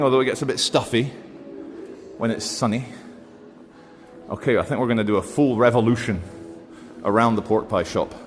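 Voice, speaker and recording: A man talking casually to camera as he walks around and tries food, rambling along with plenty of fillers. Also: medium pitch. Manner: chatty, rambling with many fillers. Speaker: travel vlogger. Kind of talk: casual walking vlog commentary. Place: indoor shopping centre, then outdoor bench. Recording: faint background noise.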